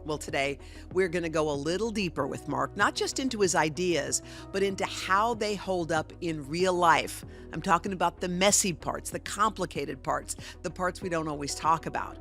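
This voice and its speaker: A woman's voice: lowish voice, moderate pace. Middle-aged lady hosting a podcast, earnest and chatty, bit of music under her. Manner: earnest, expressive, laughs easily. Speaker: podcast host. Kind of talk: warm interview conversation.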